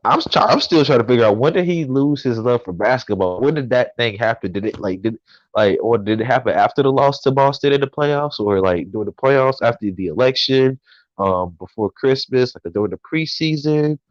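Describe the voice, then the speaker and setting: A man co-hosting a casual sports talk show, rambling and halting, often breaking into laughter. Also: medium pitch, no room sound, muffled recording. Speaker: co-host.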